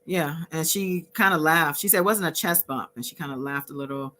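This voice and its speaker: Bright-voiced woman recapping from notes. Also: deep voice. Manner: reads out courtroom exchanges from notes, pausing with fillers. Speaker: host recapping a court trial. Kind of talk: casual recap chat.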